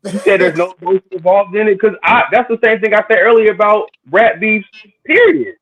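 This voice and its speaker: A man's voice: high voice, fairly quick, a bit bright, low-quality recording. A man on a casual podcast panel who challenges the others with pointed questions. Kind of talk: casual debate among friends.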